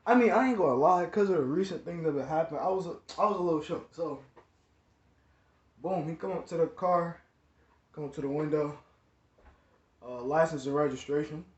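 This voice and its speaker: A man's voice: fairly high pitch, a little fast. A man telling a story about his past in slangy, casual speech, often repeating himself. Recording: echoey room, dull lo-fi sound.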